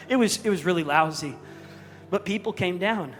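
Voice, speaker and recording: A man's voice: high-pitched, normal speed, fairly bright tone. A male pastor telling a personal story in an earnest, raw, confessional sermon. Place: church auditorium stage. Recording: echoey hall with music underneath.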